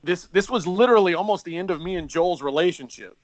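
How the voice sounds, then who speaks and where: Teasing man with a high, dry voice. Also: quick pace, dry recording. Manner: teasing, blunt, profane. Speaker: guest, radio host. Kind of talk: casual banter.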